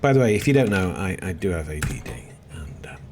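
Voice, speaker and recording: A man's voice: sits low, big pitch swings, fast, over music. A middle-aged man giving chatty, self-deprecating gameplay commentary, often muttering to himself as he plays. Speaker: let's play host. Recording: noisy background with seagulls.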